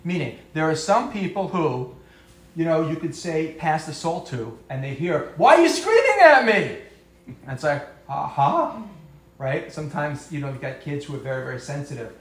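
A man's voice: on the high side, normal speed. A man giving a conversational talk to a live audience, acting out quoted voices and joking about himself. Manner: conversational, acts out quoted voices, self-deprecating humor. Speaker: speaker giving a talk on marriage and parenting. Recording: echoey room.

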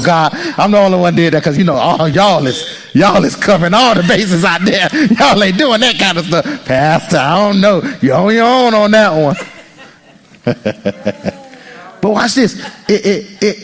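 Animated high-pitched male preacher. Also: a little slow. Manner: animated preaching, acts out congregants' inner voices; jokes and teases the congregation. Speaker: pastor. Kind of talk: sermon.

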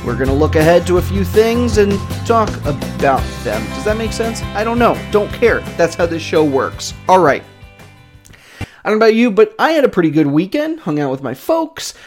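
A man's voice: sits high, big pitch swings, moderate pace, music in the background. A young man hosting his own sports podcast, chatting casually in a jokey, self-deprecating way that rambles and restarts. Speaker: podcast host.

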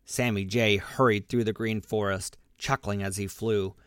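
A man narrating a children's storybook aloud, lively and expressive, giving the animals their own voices. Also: fairly low pitch, moderate pace, clear, resonant tone, no echo, clean studio sound. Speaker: audiobook narrator.

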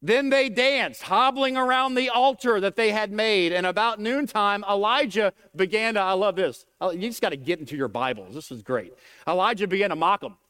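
Man, pastor, sermon, high voice, resonant, emphatic preaching. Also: moderate pace, pushed and bright, smooth. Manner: preaching, reads scripture aloud, rises and falls in emphasis.

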